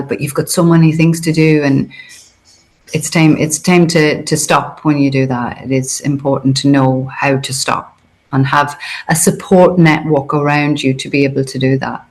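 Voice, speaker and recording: A woman's voice: deep voice, steady tone, normal speed, vocal fry, a little mellow. A woman being interviewed, talking in a hesitant, conversational way with many fillers and restarts. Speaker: interview guest.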